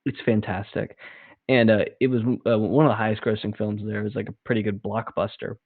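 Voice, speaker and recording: Young guy rambling excitedly about films, lowish voice, tinny phone-ish sound, real dry. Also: fairly quick, dry recording. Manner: rambling, enthusiastic, acts out movie scenes. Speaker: podcast co-host. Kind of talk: casual chat.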